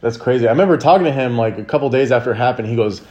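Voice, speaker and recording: A man's voice: medium pitch, racing, a little mellow, muffled recording. A man hosting a casual podcast chat, easygoing, who retells stories by acting out what people said.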